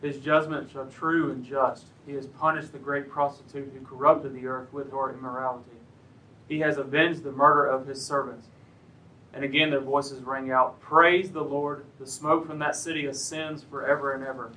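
A man's voice: medium pitch, little pitch movement, normal speed, poor audio. A man reading scripture aloud during a church service, putting emphasis on the proclaimed lines. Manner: emphatic, rising on the shouted lines. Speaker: scripture reader.

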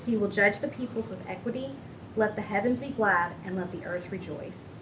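A woman reading scripture aloud in a steady, measured way during a church service. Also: mid-range voice. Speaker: scripture reader. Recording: noisy church recording.

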